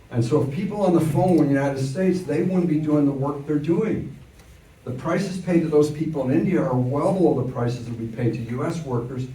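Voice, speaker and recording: A man's voice: medium pitch, warm tone. An older man giving an economics lecture to adult learners, telling stories from memory in a wry, explanatory way. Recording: echoey room from far off.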